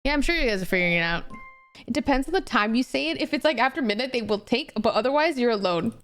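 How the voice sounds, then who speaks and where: A young woman streaming and chatting casually, animated and swearing freely as she gets heated. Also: fairly high pitch, fast talker, soft background music. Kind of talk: casual chat.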